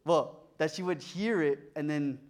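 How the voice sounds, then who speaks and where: A man's voice: a little high, unhurried, a little mellow. A young man telling a personal story in a sermon, acting out the voices of the people in it. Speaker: preacher.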